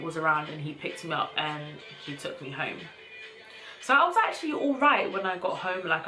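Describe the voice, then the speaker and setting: A young woman vlogger casually telling a personal story to camera in a chatty, animated way, with slang. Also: low voice, low-quality recording.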